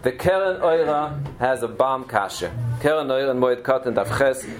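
A man's voice: medium pitch, normal speed, soft background music, rough recording. A middle-aged man giving a Torah lecture as a teacher, telling stories earnestly and mixing Hebrew and Yiddish terms into his English.

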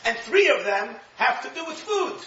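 Man, rabbi, high bright voice, lively Torah lecture, echoey room. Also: normal speed. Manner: animated, acts out quotes, chuckles at own jokes. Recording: echoey room, distant mic, dull sound.

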